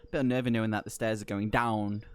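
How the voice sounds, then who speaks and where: A man narrating a tabletop horror game as game master, casual and hesitant, with many pauses and ums. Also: fairly low pitch, level tone, clean tone.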